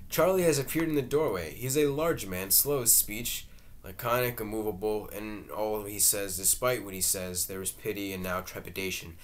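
A man's voice: on the low side, normal speed. A man reading a play aloud, delivering the stage directions evenly. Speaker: reader.

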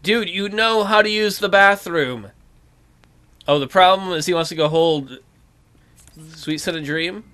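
A man hosting a let's play, giving casual, excitable commentary full of jokes and swearing. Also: high-pitched, unhurried, pauses often. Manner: excitable and jokey, swears freely.

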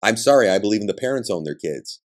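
A man's voice: lowish voice, expressive, fast. A man hosting a podcast, delivering a combative political monologue with blunt, emphatic ranting and profanity. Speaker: podcast host.

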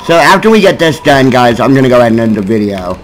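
A man's voice: big pitch swings, quick pace, a little hiss or hum, poor audio. Cursing, frustrated man gaming. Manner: frustrated, swearing at the game; yelling in sudden high bursts. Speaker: gaming YouTuber. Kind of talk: gameplay commentary.

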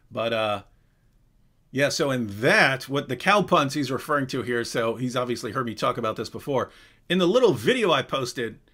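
Bright, animated male live-stream host. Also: mid-range voice. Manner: animated, chatty, frequent restarts and asides. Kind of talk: casual live Q&A chat.

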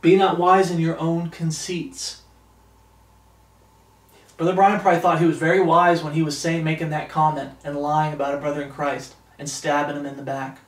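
A man preaching a sermon in a fairly high voice. He stretches out the scripture verses with emphasis and then comments on them bluntly, and he sounds a little far from the mic in a roomy echo. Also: level tone, moderate pace.

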